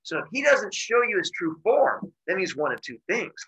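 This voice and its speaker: Guy doing a gossipy old lady goddess in disguise, sly, bright and a bit husky. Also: sits high, very animated, normal speed, voice pushed up, heavily acted, low-quality recording. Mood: conspiratorial. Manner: gossipy, conspiratorial.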